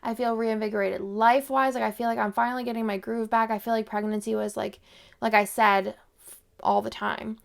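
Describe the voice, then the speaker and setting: A woman's voice: on the high side, little pitch movement, a little fast, gravelly, clear, resonant tone. A young woman, chatting casually in a rambling way full of fillers as a planner vlogger. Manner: rambling, filler-heavy, lots of "like". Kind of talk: casual chat.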